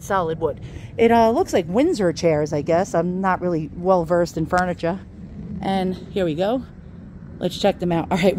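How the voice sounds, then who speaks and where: A woman's voice: mid-range voice, darkish tone, slight background noise. A woman vlogging casually while out of breath, rambling, laughing and swearing freely. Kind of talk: casual home vlog.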